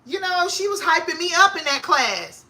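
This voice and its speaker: Bright-voiced young woman, excitable and slangy. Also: normal speed. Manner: excitable, slangy, grows loud and high when hyped. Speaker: vlogger. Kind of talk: casual chat to camera.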